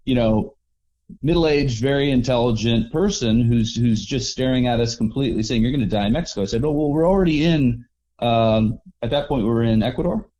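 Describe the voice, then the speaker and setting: A man telling travel stories in a relaxed, rambling way as an interview guest, acting out the people he met. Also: mid-range voice, moderate pace. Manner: relaxed, rambling with restarts and acted-out quotes. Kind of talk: casual storytelling interview.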